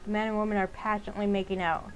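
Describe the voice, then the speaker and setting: A woman's voice: medium pitch, level tone, racing, lo-fi sound, soft background music. A woman playing a game, reading its text and rambling in casual, exasperated commentary. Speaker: game streamer. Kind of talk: casual let's-play commentary.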